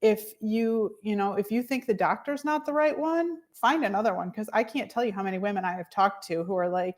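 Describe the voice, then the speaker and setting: A woman with a somewhat high voice talks easily as a podcast guest. She is a fertility coach and tells her story in a chatty, animated way, slipping into other people's voices when she quotes them. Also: normal speed. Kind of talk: casual interview conversation.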